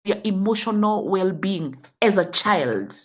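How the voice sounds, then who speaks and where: A woman's voice: mid-range voice, animated, unhurried. A middle-aged woman with a Kenyan accent, a health coach who lectures parents with scolding rhetorical questions. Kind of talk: impassioned talk.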